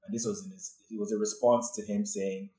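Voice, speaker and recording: A man's voice: lowish voice, flat delivery, fairly quick, mellow, roomy sound, rough recording. A man hosting a podcast who asks reflective, thoughtful questions. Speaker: podcast host. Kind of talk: podcast interview.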